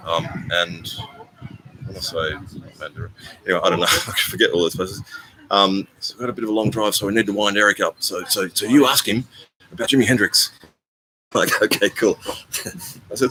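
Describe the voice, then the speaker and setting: An older man chatting casually on a live stream, rambling and halting with many ums and restarts. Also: low-pitched, steady tone. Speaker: vlogger hosting a live stream. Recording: noisy live-stream phone audio.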